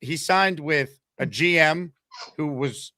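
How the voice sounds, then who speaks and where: A man hosting a live call-in sports show, talking with fast, energetic enthusiasm and reading giveaway promos. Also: on the high side, no room sound, studio quality. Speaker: sports talk show host.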